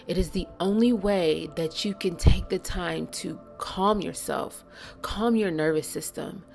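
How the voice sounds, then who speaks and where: A woman with a low, gravelly voice speaks a spiritual monologue bluntly and earnestly. She leans hard on slow words and sometimes sinks to a whisper. Soft music plays faintly beneath her. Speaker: spiritual channel host.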